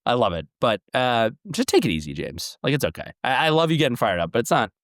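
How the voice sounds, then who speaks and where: A young man co-hosting a casual sports podcast, talking in an excitable way that jumps into loud animated bursts. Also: mid-range voice, quick pace, no room sound, studio quality. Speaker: podcast co-host.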